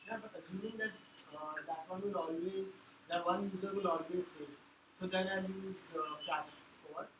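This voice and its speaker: A man's voice: high voice, steady tone, moderate pace, a bit bright. A man in the audience asks the speaker a hesitant question, laying out his case with fillers. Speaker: audience member asking a question. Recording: distant, roomy, noisy audience pickup.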